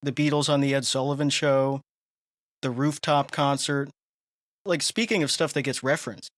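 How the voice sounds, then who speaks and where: A man's voice: mid-range voice, fairly even intonation, normal speed, a bit bright, dry recording, studio quality. A man co-hosting a talk show, chatting casually and eagerly about pop culture. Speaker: podcast co-host. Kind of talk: casual chat.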